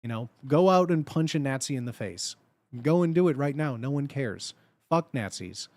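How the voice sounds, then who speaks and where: A man's voice: medium pitch, expressive, normal speed, a little mellow, dry recording. A man in his thirties chatting casually on a livestream, blunt and profane, and laughing often.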